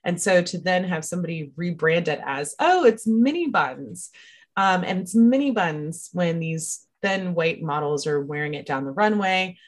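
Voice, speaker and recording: A woman talking at length in a casual panel discussion, telling stories in an animated way. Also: lowish voice, moderate pace, few pauses. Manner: talkative, animated storyteller, laughs often. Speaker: podcast panelist.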